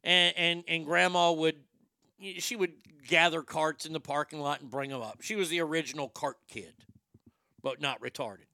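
A middle-aged man working a stand-up crowd with a crude, animated delivery. His voice is bright and forceful, pitched a touch high for a man, and the sound is close and dry with no room around it. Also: normal speed, gravelly, dry recording. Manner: crude, animated, acts out quotes. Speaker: stand-up comedian. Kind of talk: stand-up storytelling.

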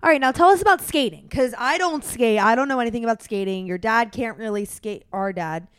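Mom interviewer, eager and chatty, keeps nudging with "right?", dry close sound. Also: female voice, a little high, brisk, clean tone, no room sound. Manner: eager, prompting with "right?" questions; acts out voices while retelling. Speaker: parent interviewing her son. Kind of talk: casual storytelling chat.

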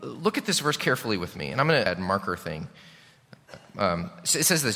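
A male pastor preaching a sermon to his congregation, animated and questioning the room. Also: mid-range voice, brisk, long reverb tail. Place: church sanctuary.

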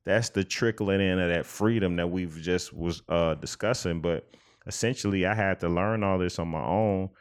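A man's voice: low-pitched, normal speed. A man co-hosting a podcast, talking earnestly and reflectively in a casual chat, with many restarts. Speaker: podcast co-host.

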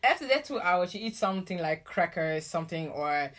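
Low-voiced teasing woman. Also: animated, brisk, fairly bright tone. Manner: teasing, gives firm advice, says "listen" a lot. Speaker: co-host. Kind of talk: casual chat.

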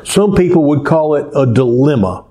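A man preaching a sermon, telling stories slowly and deliberately, dropping low and soft to stress a point. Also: animated. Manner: slow, deliberate storytelling with pauses.

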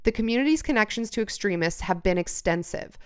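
A woman's voice: mid-range voice, expressive, a little fast, clean tone. A woman hosting a casual true-crime podcast, reading researched notes aloud between chatty asides. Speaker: podcast host.

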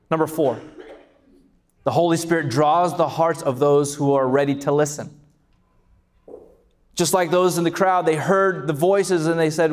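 High-voiced passionate preacher man. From California. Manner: passionate, swells to shouts on key lines. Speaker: pastor. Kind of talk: sermon.

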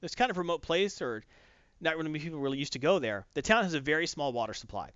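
An animated man co-hosting a casual review chat, retelling plots and acting out the characters. His voice sits a bit high and swings widely, recorded dry and close with a dull, lo-fi muffle. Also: racing, clean tone, dry recording. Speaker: podcast co-host reviewing comics.

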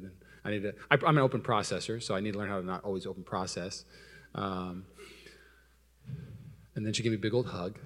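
A fast-talking young adult man, a pastor, tells self-mocking stories in his sermon and pauses often. His voice shifts between loud excitement and hushed, low asides.

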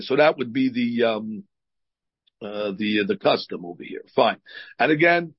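A man's voice: mid-range voice, husky. A man, a rabbi, teaching a religious lesson in a conversational, explanatory way with personal stories. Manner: explanatory, conversational, with frequent fillers. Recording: dull lo-fi recording.

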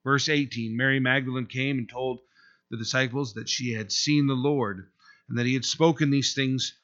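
Earnest preaching man, bright forceful voice. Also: medium pitch, fairly even intonation, muffled recording. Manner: earnest, conversational preaching with frequent pauses. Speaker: pastor. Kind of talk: expository sermon.

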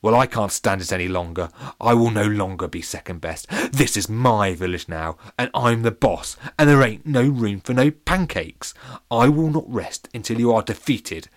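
A man's voice: lowish voice, expressive, normal speed, dry recording, clean studio sound, lightly acted. A man voicing a scheming, boastful villain lemon in a storybook reading, ranting and sneering. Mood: gloating rant.

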